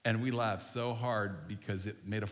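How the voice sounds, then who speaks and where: A man's voice: on the low side, steady tone, moderate pace, fairly bright tone. Man preaching in a reverberant church. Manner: conversational, folksy preaching. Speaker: pastor. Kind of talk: sermon and closing prayer. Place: church sanctuary. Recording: long hall reverb.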